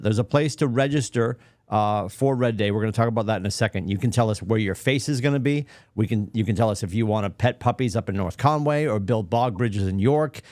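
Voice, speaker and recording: A man hosting a morning office livestream, joking and self-deprecating with quick asides. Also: lowish voice, a little mellow, no echo, clean studio sound. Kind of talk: casual chat.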